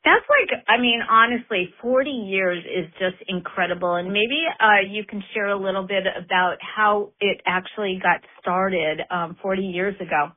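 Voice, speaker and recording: A woman hosting a radio talk show, bubbly and excitable, chatting with fillers as she welcomes a guest. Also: mid-range voice, moderate pace, hardly any pauses. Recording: narrow phone-like radio sound.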